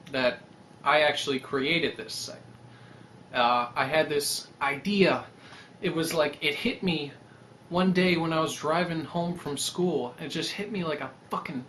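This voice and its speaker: A young website creator delivers a rambling, animated casual monologue, swearing freely as he pitches his website idea. There is slight background noise.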